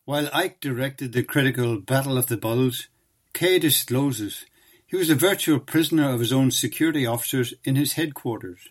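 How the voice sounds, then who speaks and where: A man's voice: mid-range voice, moderate pace. Man narrating a history documentary.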